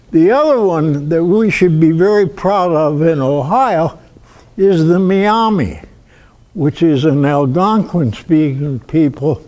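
A man's voice: fairly high pitch, darkish tone. An older man with a Midwestern American accent giving a folksy public history lecture, telling stories and acting out examples. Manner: folksy storytelling with demonstrations. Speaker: guest lecturer.

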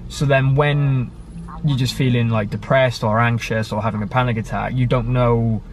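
A man's voice: medium pitch, fairly even intonation, normal speed, faint music behind. A young man from the UK in a casual conversation about his life. He rambles, using many fillers and self-corrections. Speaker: guest sharing his story.

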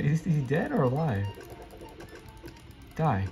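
A young man giving live, excitable commentary while playing a video game, often repeating quick exclamations. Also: medium pitch, over music, poor audio. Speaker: gameplay streamer.

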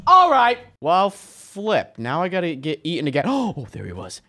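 A young man giving excited, exclamation-filled commentary on a video game as its regular host. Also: high-pitched, measured pace, hardly any pauses. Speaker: gaming YouTuber.

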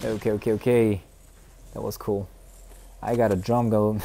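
Excitable young male game streamer. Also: on the low side, moderate pace, creaky. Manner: excitable, chatty, laughs often, swings from mumbling to loud cheering. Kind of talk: casual live gameplay commentary.

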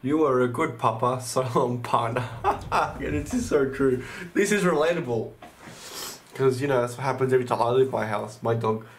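A man's voice: medium pitch, animated, moderate pace, slight background noise. Guy hosting his channel, casual reaction chat, gushes and exclaims a lot, swears now and then. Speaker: channel host.

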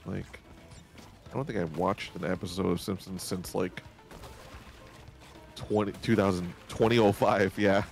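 A man's voice: low-pitched, fairly even intonation, a little slow, vocal fry, pauses often, faint music behind. A man chatting casually while playing a video game, joking, laughing often and swearing freely. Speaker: let's play co-host. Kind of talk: casual gaming chat.

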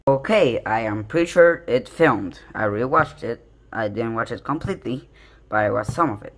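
A man rambles in an easygoing, self-mocking way as he walks through a home recipe. His voice sits at an ordinary middle pitch. His talk into a phone in his kitchen has a faint hum of room noise behind it. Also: expressive, normal speed, fairly bright tone. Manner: joking, self-deprecating, rambling with restarts. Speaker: home cooking vlogger. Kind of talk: casual rambling how-to chat.

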